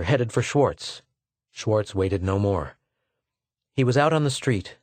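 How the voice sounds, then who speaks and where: A man narrating a science fiction audiobook in a measured, scripted style that slows at tense moments. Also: medium pitch, no echo.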